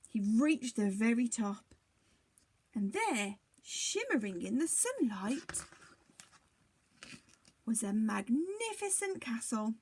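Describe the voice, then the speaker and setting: A teacher reading a storybook aloud to young children in an expressive, dramatic way. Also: female voice, a little high, husky.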